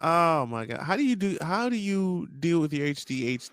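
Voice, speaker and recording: A man's voice: fairly high pitch, big pitch swings, moderate pace, a bit bright, no room sound, clean studio sound. A man hosting a casual podcast interview, telling stories with animation, laughing easily and tripping over his words. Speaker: podcast host.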